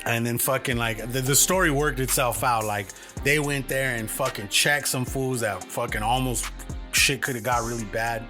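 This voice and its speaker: Man, podcast co-host, rambling profane storytelling, mid-pitched voice, music playing underneath. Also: fairly even intonation, moderate pace. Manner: profane, rambling retelling with many fillers. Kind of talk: casual storytelling chat.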